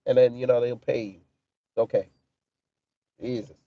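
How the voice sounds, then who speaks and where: A man's voice: mid-range voice, flat delivery, moderate pace, dry recording, dull audio. A man hosting a casual livestream, talking in a profane, mocking way and answering his chat. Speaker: livestream commentary host.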